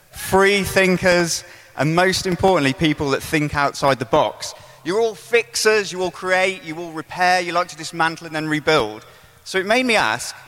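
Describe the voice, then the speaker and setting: A man's voice: sits high, a bit bright. A man giving an earnest, enthusiastic prepared talk on stage. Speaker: lightning talk speaker. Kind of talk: prepared presentation. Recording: reverberant hall over a PA.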